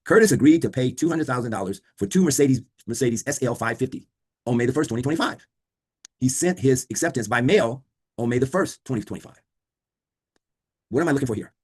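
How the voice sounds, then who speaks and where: A man's voice: medium pitch, expressive, fairly quick, a little mellow, slightly rough. A man teaching a law class over a video call, quizzing students and repeating key points. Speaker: law instructor. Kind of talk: online class lecture.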